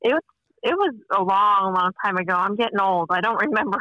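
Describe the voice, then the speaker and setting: A woman's voice: medium pitch, animated, a little fast, no room sound. A woman guest chatting easygoing on a podcast, giving short friendly replies. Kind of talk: casual podcast chat. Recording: dull lo-fi sound.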